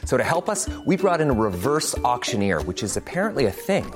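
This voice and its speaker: A man's voice: medium pitch, very animated, a little fast, music in the background. A man reading a scripted ad in a dry, offhand manner. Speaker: ad spokesman. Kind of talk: scripted ad read.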